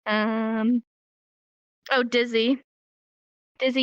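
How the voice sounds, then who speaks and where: A woman's voice: high voice, normal speed, a bit bright, dry recording, lo-fi sound. A young woman teaching a casual sign language class, bubbly and giggly, acting out each emotion with her voice while tired and a bit sore in the throat.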